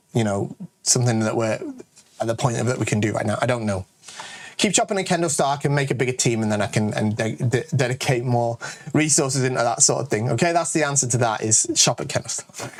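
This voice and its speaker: A man's voice: medium pitch, moderate pace, long pauses. A man with a northern English accent, hosting a casual, jokey question-and-answer video and often tagging lines with "all right?". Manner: chatty, jokey, self-promoting, lots of "all right?" asides. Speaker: kendo channel host and shop owner. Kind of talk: casual Q&A rant to camera.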